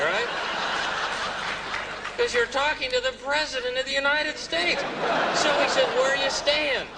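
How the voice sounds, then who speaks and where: On stage, a male stand-up comedian tells a comic story, jumping into high, squeaky voices for the exclamations he quotes. It is picked up by a distant mic amid noisy room ambience.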